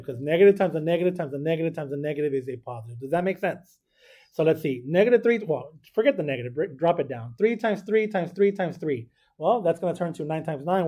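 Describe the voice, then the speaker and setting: A man's voice: high-pitched, mellow. A man teaching a math class, talking through arithmetic step by step and checking in with students. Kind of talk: classroom lesson.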